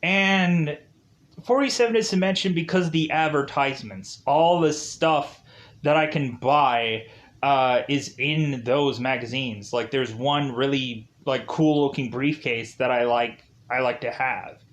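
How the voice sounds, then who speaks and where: A man's voice: medium pitch, a little slow. A man reviewing a video game, recapping its story in a rambling, casual way full of "like" fillers. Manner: rambling, heavy use of "like" fillers.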